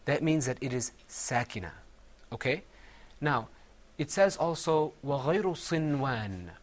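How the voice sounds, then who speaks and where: A man leads a Quran recitation class, patiently quizzing students and drilling words slowly with them. His voice is mid-range.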